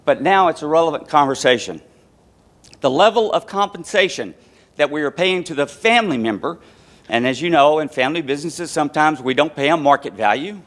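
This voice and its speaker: A man's voice: a little high, a bit bright. A man giving a business presentation, explaining his points through a family anecdote and laying them out in numbered steps. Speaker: conference speaker.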